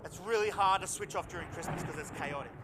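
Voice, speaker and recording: A male pastor preaching a lively, dramatic sermon to a church congregation, with jokey asides and voices he acts out. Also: fairly high pitch, fast, noisy background. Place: church service hall.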